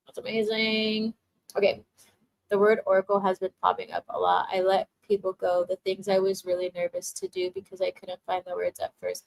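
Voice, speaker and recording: A young adult woman chats through a spiritual livestream, reading viewer comments aloud and offering tarot guidance. She laughs often and gushes with emotional encouragement, her voice sitting at an ordinary middle pitch. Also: creaky, a bit bright, poor audio.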